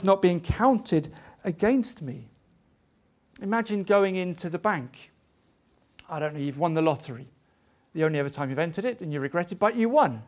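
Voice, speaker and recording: A man's voice: on the high side, animated, normal speed, long pauses, darkish tone. A man preaching a sermon, asking rhetorical questions and building to emphatic peaks.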